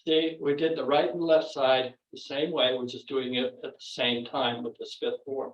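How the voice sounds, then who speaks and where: A man teaching a virtual tai chi and qigong class. He calls out the breathing and the moves calmly and laughs often. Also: mid-range voice, normal speed, lo-fi sound. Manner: calm, instructive cueing with frequent light laughs. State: a little out of breath. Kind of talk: guiding a virtual exercise class. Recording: roomy echo, distant from the mic.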